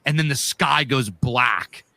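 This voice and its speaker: A man from the northeastern US cohosts a podcast and tells a story casually. His voice is bright and forward, and the sound is close and dry. He rambles vividly, with plenty of fillers and swearing. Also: medium pitch, slow pace, vocal fry, dry recording. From northeastern US, Pennsylvania. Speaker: podcast co-host.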